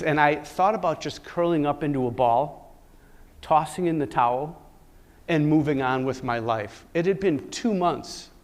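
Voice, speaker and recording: A middle-aged man giving a keynote talk to a live audience, telling a personal story in an animated way, with sudden loud bursts and soft asides. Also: fairly high pitch. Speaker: keynote speaker.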